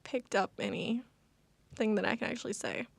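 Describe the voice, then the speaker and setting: A woman's voice: fairly high pitch, steady tone, moderate pace, vocal fry, husky, no room sound. A young woman, co-hosting a casual chat and talking with lots of fillers. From United States. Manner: chatty, lots of fillers and laughter. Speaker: co-host.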